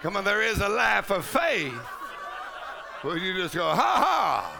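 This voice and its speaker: Gravelly, high-pitched preacher laughing loudly. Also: male voice, a little slow, background noise. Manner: preaching with bursts of laughter and shouting. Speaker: pastor. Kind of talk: charismatic sermon. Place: large conference hall.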